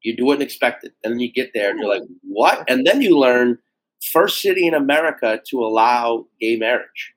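A young adult man, a comedian guest, talking casually and animatedly with swearing, jumping into high-pitched mock voices. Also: animated, a little fast, poor audio. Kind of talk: casual podcast chat.

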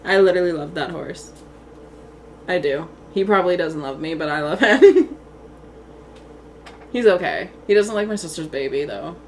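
A woman's voice: lowish voice, animated, a little slow, long pauses, slight background noise. A young woman from Canada co-hosting a podcast in casual chat, telling rambling stories, giggling often and swearing freely. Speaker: podcast co-host.

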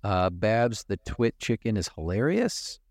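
Male podcast co-host, lowish voice, loose and jokey, dry close mic. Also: sing-song, a little slow, no room sound. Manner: rambling, joking, swears freely, laughs often. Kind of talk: casual movie-review chat.

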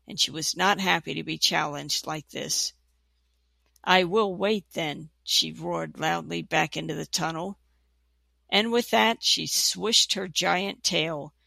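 A narrator reads a fantasy tale aloud at an even pace. The voice is heavily gravelly with a bright, forward edge. The sound is dry and close. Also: mid-range voice, no echo. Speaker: audiobook narrator. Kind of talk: storybook reading.

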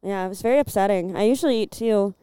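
A woman's voice: mid-range voice, fast, dark tone, clear, resonant tone, no room sound. A Midwestern woman from Illinois in her twenties, chatting casually as a podcast guest and telling stories, packed with "like" and casual swearing. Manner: chatty storyteller, fills talk with "like", swears freely. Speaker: podcast guest, bar door worker. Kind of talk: casual chat.

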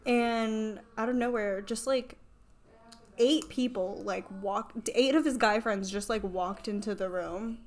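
A woman's voice: a little high, measured pace. A young woman telling a rambling story in casual chat, giggling and full of fillers.

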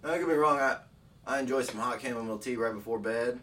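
A man's voice: medium pitch, quick pace, fairly bright tone, distant mic, low-quality recording. A man from the United States co-hosting a podcast, trading crude, laughing banter full of swearing. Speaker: podcast co-host. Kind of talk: casual chat.

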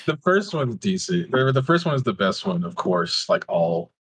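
Animated husky young man chatting. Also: fairly low pitch, moderate pace. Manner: animated, joking, laughs often. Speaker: podcast co-host. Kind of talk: casual chat.

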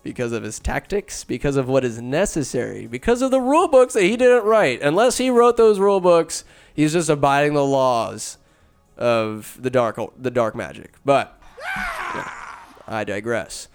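A man casually retelling a movie plot with sarcastic, jokey asides, jumping between loud bursts and muttered remarks. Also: medium pitch, clear, resonant tone. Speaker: movie recapper. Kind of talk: casual comedic movie recap.

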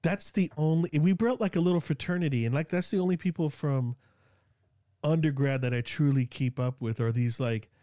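A man's voice: fairly high pitch, brisk, dark tone, dry recording, studio quality. Rambling man with a loose Sacramento drawl. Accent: Northern Californian. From Sacramento, California. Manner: rambling, loose, lots of fillers and slang. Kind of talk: casual chat.

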